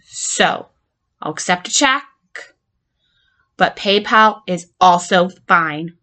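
A woman's voice: lowish voice, expressive, slow, bright, forceful tone, exaggerated voice. A woman playing a volatile patient who blackmails her therapist, stammering and swearing as she swings between threats and pleading in an audio drama monologue. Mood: furious, threatening.

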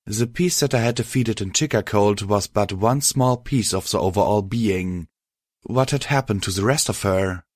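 A man reading a first-person story aloud in a steady, measured way. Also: lowish voice, dry recording, clean studio sound. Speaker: reader. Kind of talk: first-person fan fiction audiobook narration.

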